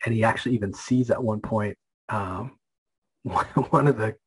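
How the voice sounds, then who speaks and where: A man's voice: fairly low pitch, normal speed, breathy edge, poor audio. A man hosting a comic book podcast, casually retelling a story with many fillers and restarts.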